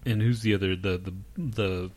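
Male podcast co-host, low voice, profane and rambling, casual banter. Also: steady tone, normal speed, darkish tone. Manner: profane, rambling, laughs often.

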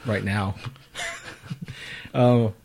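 A man's voice: fairly low pitch, steady tone, drawn-out words, gravelly, darkish tone. A man co-hosting a podcast in crude casual banter, goading and mocking his partner. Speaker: podcast co-host.

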